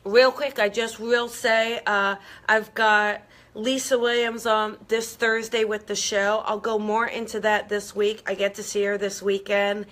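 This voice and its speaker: A woman's voice: mid-range voice, flat delivery, unhurried, hardly any pauses, a bit bright. A woman hosting a live online talk, speaking earnestly and encouragingly straight to her viewers and checking in with them again and again. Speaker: host. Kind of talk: live-streamed motivational talk.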